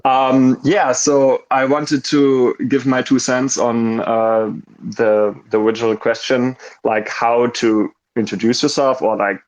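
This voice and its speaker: A man from Germany with a German accent, speaking English in casual chat, halting and full of ums and restarts. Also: mid-range voice, flat delivery, rough recording. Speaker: caller in an audio chat room.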